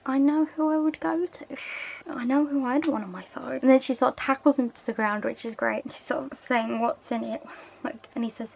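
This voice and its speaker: A woman's voice: fairly high pitch, creaky, rough recording. A young woman, casually recapping a TV episode with chatty asides. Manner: chatty, recounts scenes with quoted lines and asides. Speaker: TV episode reviewer.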